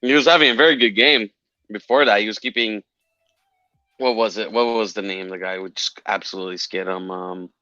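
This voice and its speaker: A man's voice: fairly low pitch, fairly even intonation, a little fast, bright, forceful tone, no room sound. A man chatting casually on a call-in show, circling back on his words with plenty of fillers. His voice sounds dull and lo-fi, recorded very dry, with faint music behind him. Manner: chatty, repeats himself, many fillers.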